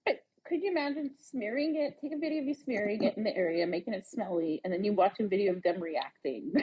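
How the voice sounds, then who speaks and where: A woman's voice: medium pitch, quick pace, slightly rough. A woman in casual chat, joking and giggling often. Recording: dull lo-fi audio.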